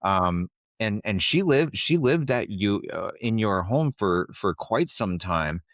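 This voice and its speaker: A man from Ohio hosting a podcast, asking questions in a halting way as he searches for how to phrase them. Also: lowish voice, lively intonation, fairly bright tone, no room sound, clean studio sound. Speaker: podcast host. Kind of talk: casual interview conversation.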